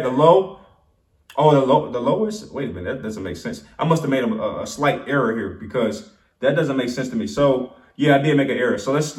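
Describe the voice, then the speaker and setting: A man's voice: a little high, recorded from a distance. A man hosting a casual penny stock analysis show, chatty and talking straight to viewers, often correcting himself. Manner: chatty, self-correcting, addresses viewers directly. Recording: roomy sound from off-mic.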